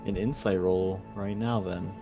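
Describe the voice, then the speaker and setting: A man's voice: low voice, steady tone, unhurried, warm tone, muffled recording, faint music behind. A man playing a tabletop game, giving short, dry replies and describing his character's moves. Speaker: player. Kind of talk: casual chat at a game table.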